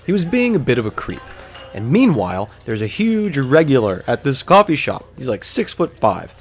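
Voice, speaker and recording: A man's voice: medium pitch, sing-song, fairly quick. A man telling a story casually, rambling and digressive, with lots of fillers.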